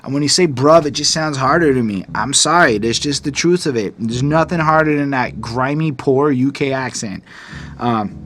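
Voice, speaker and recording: A man co-hosting a podcast, casually reviewing an album track by track in a lively, profane way and reading lyrics aloud. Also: medium pitch, normal speed.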